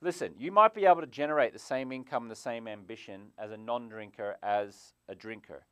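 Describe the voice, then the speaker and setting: A man hosting a live stream as a sobriety coach, animated, jumping from loud bursts to quiet asides, on a clip-on mic indoors. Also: mid-range voice, a little fast, smooth, dry recording. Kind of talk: energetic live stream pitch. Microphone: clip-on lapel mic.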